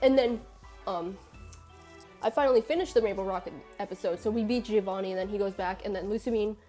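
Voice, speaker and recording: A woman streaming a live game reaction, ranting excitably with laughs and swearing. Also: mid-range voice, fast talker, soft background music.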